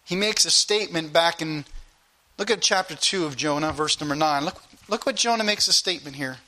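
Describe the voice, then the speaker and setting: A man's voice: a little high, a little fast, sharp tone. A man preaching a sermon with emphatic, repetitive delivery and direct appeals to the congregation.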